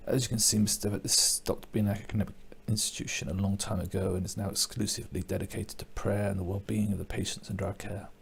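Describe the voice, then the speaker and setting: A man's voice: lowish voice, little pitch movement, fast, vocal fry, hardly any pauses, slight background noise. A man voicing a stern older nun in a horror game, cold and formal.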